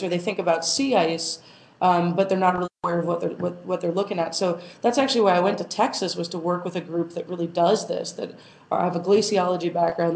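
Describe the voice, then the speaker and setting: A female planetary scientist with a fairly low, darkish voice answers interview questions casually and thoughtfully. She uses many fillers and restarts, and the recording has a roomy echo.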